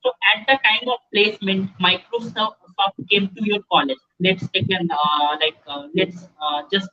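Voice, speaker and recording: A man speaking with an Indian English accent as a guest speaker in a webinar for students, talking haltingly with many fillers and restarts, often checking in with "okay". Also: sits high, steady tone, sharp tone. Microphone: video call. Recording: muffled lo-fi call audio.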